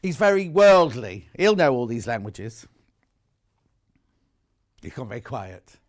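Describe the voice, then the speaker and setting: A man's voice: mid-range voice, very animated, slow pace. A man presenting live shopping television, chatting and bantering with his co-workers. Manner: chatty, bantering, chuckling asides.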